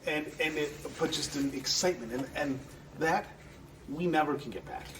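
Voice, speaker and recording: A man's voice: on the high side, normal speed, distant mic, noisy background. A man guest in an interview, telling earnest, rambling stories and acting out the people he quotes. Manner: earnest, rambling storyteller who acts out quoted voices. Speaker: guest, entertainment center manager. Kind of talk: conversational storytelling interview.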